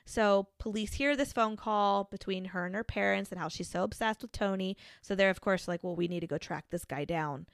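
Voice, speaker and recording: A woman recounting a true-crime case in casual podcast chat, talking loosely with "like" and false starts. Her voice sits at a middle pitch, and the recording is close and dry, with no room sound. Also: no room sound. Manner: conversational, frequent fillers and restarts. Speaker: podcast co-host.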